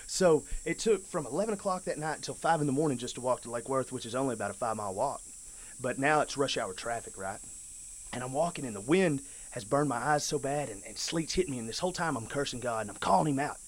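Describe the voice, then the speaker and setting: A man telling a personal story in casual, rough-spoken talk, often saying "man" and "dude". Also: mid-range voice, lively intonation, fast talker. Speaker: guest telling his story.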